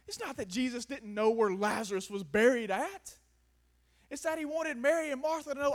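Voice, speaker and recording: High-voiced impassioned preacher man. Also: lively intonation, moderate pace. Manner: impassioned, swings between quiet reflection and raised, near-shouted pleading. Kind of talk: sermon. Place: before a gathered audience in a room.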